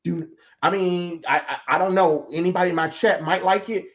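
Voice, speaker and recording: A man's voice: high voice, fairly even intonation, moderate pace, lo-fi sound. A man hosting a livestream chat, ranting in a heated, blunt way with some profanity. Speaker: stream host. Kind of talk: casual chat.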